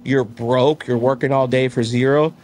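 A business owner in his thirties, mid-range in pitch and moderate in pace, is interviewed in a casual, conversational setting with slight background noise. He speaks candidly and tells his stories with animation, acting out the voices of the people in them.

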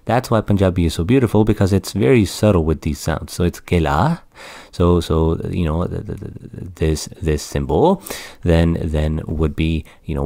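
A man's voice: low-pitched, a little mellow, no echo. A man teaching the Punjabi script in an online lesson, explaining patiently and repeating words as he goes. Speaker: language tutor.

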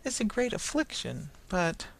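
A gentle old father in an audiobook story, soft-spoken and faltering, anxious over his daughter, as the storyteller voices him. The tone stays close to the reader's own. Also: medium pitch, very animated, measured pace, gravelly, husky, voice pushed up, heavily acted, low-quality recording. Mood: worried.

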